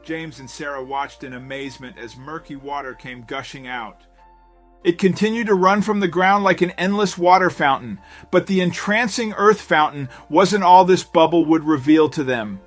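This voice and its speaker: Male narrator, slightly higher pitch, dramatic scripted storytelling, soft music bed. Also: normal speed.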